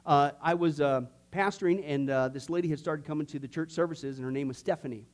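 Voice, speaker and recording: A middle-aged man, a pastor, teaching a discipleship class by telling personal stories with jokes, asides and many fillers, acting out quoted voices from loud to near whisper. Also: fairly high pitch, quick pace. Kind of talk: sermon-style teaching class.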